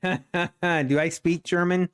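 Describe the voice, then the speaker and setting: A man's voice: sits high, fairly even intonation, slow, fairly bright tone, clear, resonant tone. A man in his thirties with a Pennsylvania Dutch accent, rambling and thinking aloud while commenting on his live trading. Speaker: day trader streamer.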